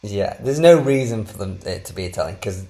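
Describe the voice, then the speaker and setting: A man's voice: fairly low pitch, lively intonation, brisk, gravelly, mellow. A man co-hosting a podcast, rambling and poking fun at himself in a casual travel chat. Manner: rambling, self-deprecating. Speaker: podcast co-host.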